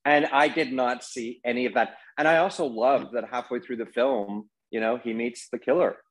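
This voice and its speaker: A man's voice: medium pitch, moderate pace, rough recording. Male podcast guest, casual storyteller, chatty and rambling. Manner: rambling, anecdotal storyteller with many fillers. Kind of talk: casual conversation.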